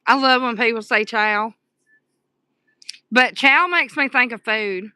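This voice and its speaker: A Southern woman chats through a casual livestream, answering her viewers with pet names. Her voice sits a bit high and bright, smooth and clear, recorded close and dry. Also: takes it slowly, no room sound. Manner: chatty, affectionate, reads and answers chat aloud. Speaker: livestream host. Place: dark room at home at night.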